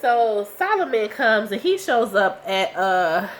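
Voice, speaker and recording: A young woman recaps a TV episode from her couch at home, talking in a loose, slangy, chatty way. She is under the weather, so her voice comes out a bit rough. A faint hiss sits under the recording. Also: mid-range voice, big pitch swings, takes it slowly. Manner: chatty, slangy, reacting with laughs and asides. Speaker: TV recap vlogger.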